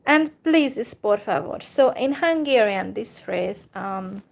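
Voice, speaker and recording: Slow, careful woman teaching phrases. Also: mid-range voice, animated, creaky. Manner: slow and careful, repeats phrases, many fillers. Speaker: language teacher. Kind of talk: slow informal language lesson.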